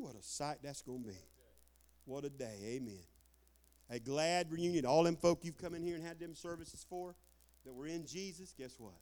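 A man preaching a lively sermon as pastor, folksy and whooping, with shouted outbursts. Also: fairly high pitch, moderate pace.

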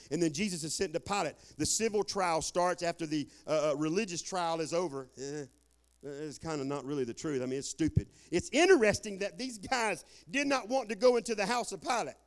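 An older man preaches a sermon in a homespun, folksy way. He keeps calling out for amens. He swings from shouted bursts down to low, quiet asides. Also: lively intonation, fairly quick. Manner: folksy Southern preaching, calls for amen, swings loud and soft.

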